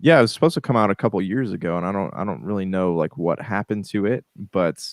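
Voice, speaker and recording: A man's voice: low voice, fast, no room sound, studio quality. A man co-hosting a casual pop culture podcast, hesitant, with many ums and restarts. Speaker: podcast co-host.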